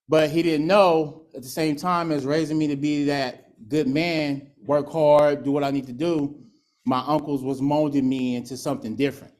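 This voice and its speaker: A man tells his story in a blunt, streetwise way, acting out the voices of family and friends. His voice sits a little higher than most men's. He speaks candidly about a hard past at a recovery meeting. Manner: candid, streetwise storytelling with laughs and acted quotes. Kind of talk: personal testimony at a recovery meeting.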